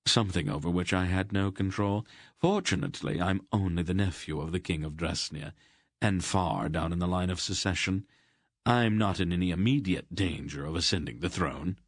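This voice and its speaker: A man's voice: low-pitched, moderate pace, dry recording. A man reading the part of a sly, worldly nobleman, speaking in a wry, matter-of-fact way.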